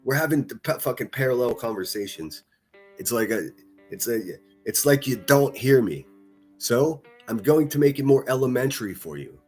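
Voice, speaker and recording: A man's voice: mid-range voice, animated, normal speed, breathy edge, soft background music. A man from the northern United States ranting on a livestream, profane, mocking and combative.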